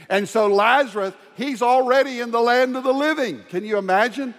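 A man preaching a sermon as pastor, dropping to hushed tender lows and rising to loud ringing proclamation. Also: a little fast, hardly any pauses. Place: large church sanctuary. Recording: long hall reverb.

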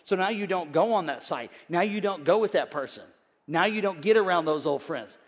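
A man in his forties preaching a sermon as pastor, energetic and folksy, jumping from shouts to hushed, joking asides. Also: sits high, brisk, long reverb tail. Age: 40s. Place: large church hall with congregation.

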